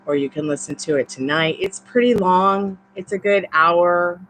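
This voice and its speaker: A woman with a Southern accent gives a live-streamed tarot reading, chatty, encouraging and rambling. Her voice is on the low side and fairly bright, at a moderate pace, with slight background noise and poor audio.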